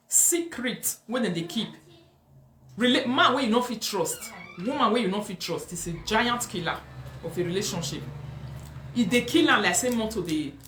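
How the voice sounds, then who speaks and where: A Nigerian-accented woman hosts a live stream, lecturing viewers with emphatic, repeated points in a blend of Pidgin and English. Her voice sits at an ordinary middle pitch for a woman. The room around her is roomy and echoey. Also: fairly bright tone, slight background noise. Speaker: host of a live talk show. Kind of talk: live-stream commentary, reading viewer comments.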